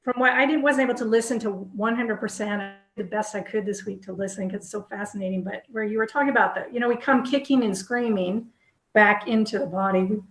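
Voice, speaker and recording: A woman co-hosting a casual spiritual discussion, talking enthusiastically in quick bursts with restarts. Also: medium pitch, fairly even intonation, fairly bright tone, echoey room. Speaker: co-host.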